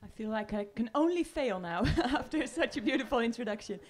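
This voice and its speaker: A woman with a Dutch accent speaking to an audience on a panel, earnest and emotional, with pauses. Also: on the high side, lively intonation. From Netherlands. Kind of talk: emotional public talk. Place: room with audience.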